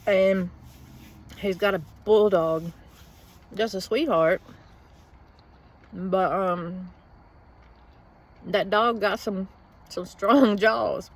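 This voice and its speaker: A woman's voice: medium pitch, fairly even intonation, drawn-out words, long pauses. A woman talks in a blunt, profane, rambling way in a casual vlog, venting from inside a vehicle in a parking lot. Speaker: vlogger.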